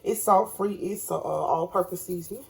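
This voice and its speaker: A woman's voice: fairly low pitch, moderate pace, creaky. A woman chatting casually to viewers while cooking in her home kitchen. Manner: chatty, addresses viewers as y'all. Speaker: cooking vlogger.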